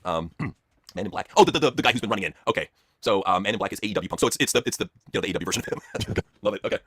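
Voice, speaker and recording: Young guy host reading prompts, bright voice, crazy fast, swearing. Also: on the low side, animated, husky. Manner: rapid, profane, laughing. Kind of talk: improv comedy, reading viewer prompts.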